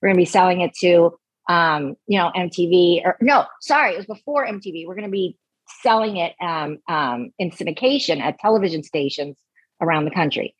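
A woman with a husky, breathy voice, spinning a lively anecdote on a podcast and jumping into the voices of everyone she quotes. The sound is close and dry, with no room around her. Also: on the low side, a little fast, dry recording, low-quality recording. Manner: animated, acts out quoted voices. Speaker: guest. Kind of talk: casual storytelling.

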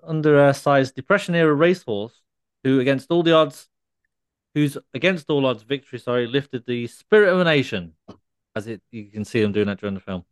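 Man, smooth, dry close sound. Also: mid-range voice, a little fast, no echo. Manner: laughing while recounting a story. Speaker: podcast co-host. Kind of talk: casual podcast chat.

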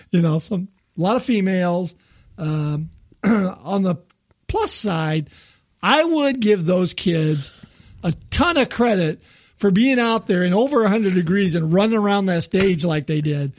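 Chatty grandpa, high for a man. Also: animated, unhurried, no room sound. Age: older. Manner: chatty, laughs often, clears throat a lot. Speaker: podcast co-host. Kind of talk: casual chat.

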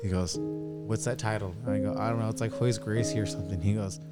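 A man's voice: lowish voice, fairly even intonation, rapid-fire, over music. A man co-hosting a podcast, telling a story in casual chat, swearing freely, laughing and acting out what others said. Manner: profane, laughing, acts out quotes. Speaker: podcast co-host.

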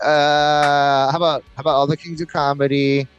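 A man in his thirties co-hosting a casual podcast chat, swearing freely and acting out scenes with lively voices. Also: fairly high pitch, highs cut off, faint music behind. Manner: animated storyteller, acts out scenes in quick voices. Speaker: podcast co-host. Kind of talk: casual chat about sitcoms.

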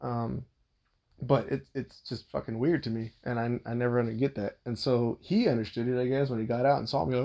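A man telling a story about his father-in-law in casual talk, swearing constantly and voicing his own outbursts at a sharply raised pitch. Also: fairly even intonation, a little fast, warm tone. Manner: agitated, heavy swearing, pitch jumps on quoted outbursts. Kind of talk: casual profane storytelling rant.

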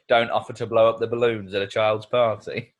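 A man's voice: on the low side, little pitch movement, moderate pace, dull audio. A man co-hosting a podcast in casual chat, who laughs easily and talks with animation. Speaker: podcast co-host.

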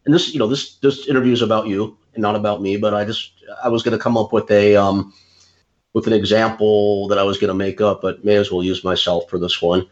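A man hosting an interview, speaking in a casual, halting way with frequent stammers and restarts. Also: on the low side, little pitch movement, muffled recording. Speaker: interviewer, podcast host.

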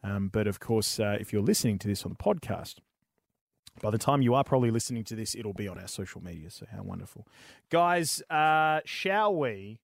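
A man's voice: on the low side, expressive, brisk, gravelly, faint music behind. An Australian man hosting a gaming stream in a rambling, upbeat, casually swearing manner. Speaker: host of a gaming show stream. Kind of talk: casual live-stream chat and giveaway hosting.

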